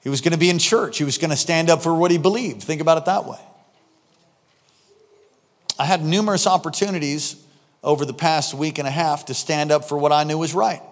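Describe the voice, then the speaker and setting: A man preaching a sermon as pastor, animated, swinging between loud exclamations and quiet asides. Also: a little high, fairly quick, big-room sound.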